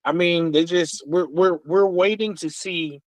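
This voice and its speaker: A man's voice: sits high, steady tone, measured pace, no room sound, poor audio. A man calling into a sports talk show, chatting casually with lots of fillers. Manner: rambling, warm, full of fillers. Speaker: caller. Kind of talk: casual chat.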